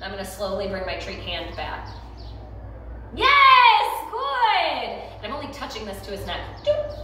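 A woman's voice: medium pitch, quick pace, a bit bright. A young woman dog trainer talks through her session in an upbeat, rambling way, full of ums and restarts. She sounds set back from the mic, and the room rings with heavy echo. A faint hiss sits under her voice. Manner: chatty, upbeat, loose with fillers and restarts. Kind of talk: casual instructional narration. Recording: roomy, distant phone or camera mic.

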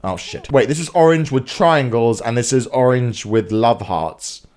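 A man's voice: mid-range voice, a little slow, a little mellow. A man ranting and swearing his way through comedic gameplay commentary. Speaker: gaming YouTuber.

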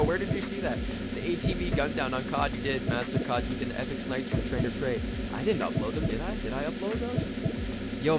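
Hyped young man on a live stream. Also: a little high. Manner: excitable, shouts out chat names, laughs often. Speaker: streamer opening card packs. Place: home office. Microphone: desk microphone. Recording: loud game music under the voice. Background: game music.

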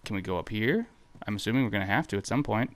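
A man's voice: fairly low pitch, animated, rapid-fire. A man hosting a let's play video, joking and chatting to the game characters as he plays. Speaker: gaming video host.

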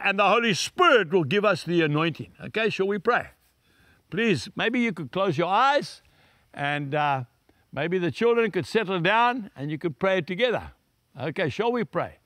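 An older man preaching a folksy, earnest sermon and leading a slow prayer, speaking straight to his listeners. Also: high-pitched, sharp tone, no room sound, clean studio sound.

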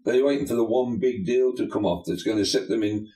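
An older man who serves as a pastor and bishop talks emphatically in an interview, peppering his preacherly talk with folksy sayings. His voice is lowish and dark-toned, and he speaks a little fast. The room is echoey.

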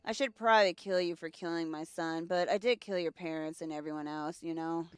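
A woman voicing a smug, grandly menacing alien invader captain in a lowered, pompous voice. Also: steady tone, clear, resonant tone, no echo, soft background music, natural voice. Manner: pompous, slow and low.

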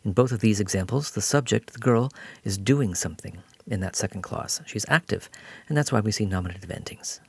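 A man's voice: on the low side, brisk, creaky, darkish tone, husky, no echo. A man giving a patient, explanatory recorded grammar lesson as a language teacher.

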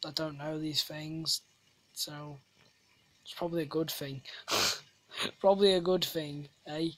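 A gamer chats loosely over their own play, drifting off into silly tangents and teasing themselves. The voice sits at an ordinary middle pitch, neither high nor low. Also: steady tone, slow, fairly bright tone. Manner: rambling, jokey, self-deprecating asides. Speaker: gamer, channel host. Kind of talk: casual gameplay commentary.

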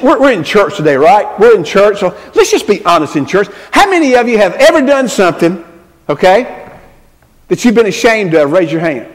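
High-voiced pastor preaching. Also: male voice. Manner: conversational, checks in with the congregation. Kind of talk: sermon. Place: church sanctuary. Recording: long reverb in a church.

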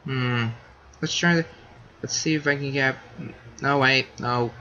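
Chatty young man with a sharp voice. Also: mid-range voice, fairly even intonation, a little slow, lo-fi sound, slight background noise. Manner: rambling, self-correcting, chatty. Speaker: gaming channel host. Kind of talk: casual let's-play commentary.

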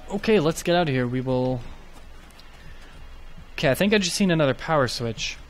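A man's voice: a little high, animated, brisk, soft background music. A man giving casual let's play commentary, chatty and thinking aloud as he goes. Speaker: gaming YouTuber.

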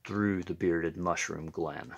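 Deep-voiced man reading a picture book. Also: takes it slowly, gravelly, dull audio. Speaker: storyteller. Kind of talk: picture-book read-aloud.

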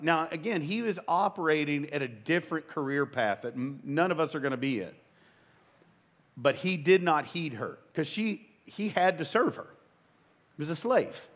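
A man in his fifties preaching a sermon as pastor. He is emphatic and conversational, makes joking asides, and his voice jumps up in sudden excited bursts. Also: on the high side, moderate pace. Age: 50s.

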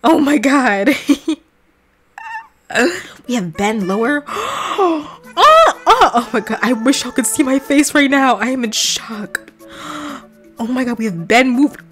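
A young woman reacting loudly while playing a game, laughing and shrieking in playful shock. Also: on the high side, slow pace, soft background music. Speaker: gaming vlogger.

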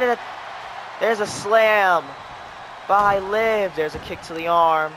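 A man calling a wrestling video game match play by play, excitable and breaking into shouts at the near-falls. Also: very high voice, slow pace, slight background noise. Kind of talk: play-by-play commentary.

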